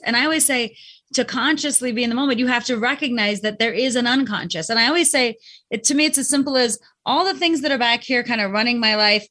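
In a pushed, bright voice on the high side, a woman chats casually and reflectively about mindset. She gives her inner thoughts voices of their own, acting them out as she talks.

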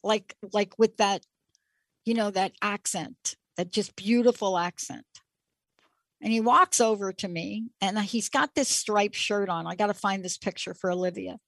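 A woman's voice: medium pitch, fairly even intonation, unhurried, creaky, fairly bright tone, no echo. A middle-aged woman hosting a show, telling a personal story in a reflective, emphatic way and repeating key words for weight. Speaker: show host.

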